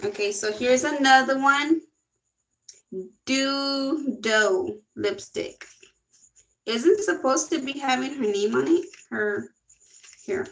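A woman's voice: high voice, expressive, slow, long pauses, low-quality recording. A young woman gushing and giggling through a casual makeup haul video. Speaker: beauty vlogger.

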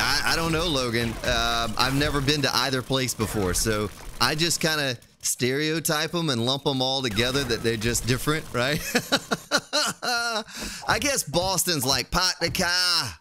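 A man's voice: mid-range voice, sharp tone, a little hiss or hum. A man streaming a video game, chatting casually and rambling to his viewers. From United States. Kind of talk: casual live-stream commentary.

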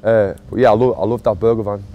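He has a fairly low voice with fairly even intonation and talks fast, while the recording has its highs cut off and slight background noise. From Sunderland, England, this boxing coach and vlogger in his thirties speaks with a Mackem accent in a casual, emotional stadium vlog, teasing himself as he goes.

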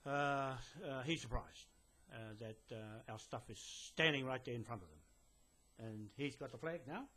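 A man's voice: medium pitch, a little slow, pushed and bright. Rambling New man, insistent. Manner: rambling, hesitant, with many fillers and restarts; insistent, emphatic and lecturing. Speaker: land claimant addressing a police detective. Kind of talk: direct-to-camera message. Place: indoors in a building.

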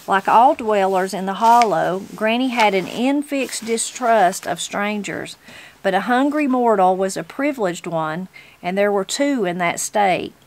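A woman's voice: mid-range voice, animated, unhurried, a little hiss or hum. A woman, reading a novel aloud as host of her channel. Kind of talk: storybook reading.

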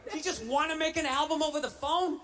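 A man doing a stand-up comedy routine, ranting loudly and shouting his punchlines. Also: extremely high pitch, fast, distant mic, noisy background.

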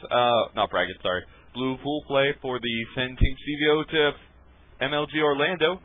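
A man's voice: medium pitch, normal speed. A man casting a live video game match in a casual, laid-back way, laughing often and swearing now and then. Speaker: esports caster. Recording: tinny phone-like stream audio.

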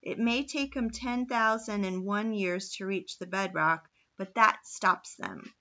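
A man's voice: sits high, a little slow, bright, forceful tone, dull audio, heavily acted. A woman voicing a folksy, plain-talking old gold miner with a backwoods drawl.

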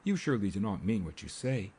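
A man reading the part of a young woman in an audiobook, giving her a soft, gently reproving manner. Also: on the low side, very animated, fast talker, a little hiss or hum. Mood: earnest. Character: young woman, composed yet caring fiancée.

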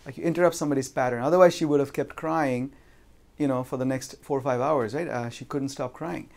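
A man's voice: mid-range voice, fairly even intonation, vocal fry, a little mellow. A man giving a seminar talk, telling a personal story conversationally and often ending sentences with "right?". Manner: pauses and restarts with fillers. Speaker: seminar speaker on insurance and real estate. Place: lives in Vancouver.

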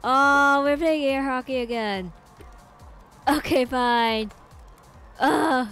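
A woman streaming a game live, excitable and giggly, thinking out loud as she plays. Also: sits high, takes it slowly, faint music behind. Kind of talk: live gameplay commentary.

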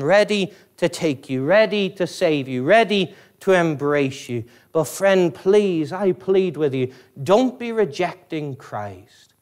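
A Northern Irish man preaching a sermon in a church as pastor, pleading with his listeners, climbing high on emphasis and then dropping low.

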